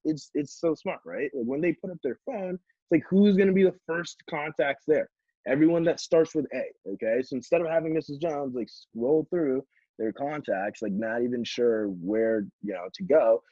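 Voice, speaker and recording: Lively, husky young man coaching sales. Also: medium pitch, brisk, no echo. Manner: casual, upbeat, lots of "like" fillers. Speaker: sales trainer. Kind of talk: sales training with role-played pitch. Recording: dull, slightly lo-fi dry sound.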